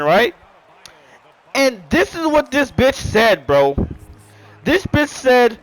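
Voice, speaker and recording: A man telling a story in a casual storytime monologue. He is animated and profane, and keeps saying "bro" and "right?". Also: extremely high pitch, takes it slowly, long pauses, rough recording. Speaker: storyteller vlogger.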